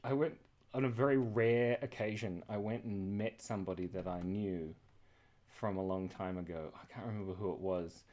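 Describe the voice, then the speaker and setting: A man's voice: lowish voice, steady tone, moderate pace, a little mellow. An Australian man hosting a live drawing stream, chatting in a scattered, rambling way, laughing often and reacting to chat messages. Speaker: livestream host drawing and reading chat.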